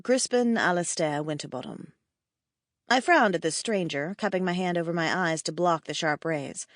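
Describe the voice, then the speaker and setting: A woman narrating a first-person audiobook in a wry, expressive storytelling manner. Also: lowish voice, moderate pace, dry recording, clean studio sound.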